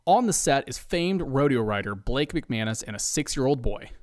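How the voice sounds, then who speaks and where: A man telling a scripted comedy story with deadpan asides. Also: medium pitch, normal speed, no echo, clean studio sound. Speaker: podcast narrator.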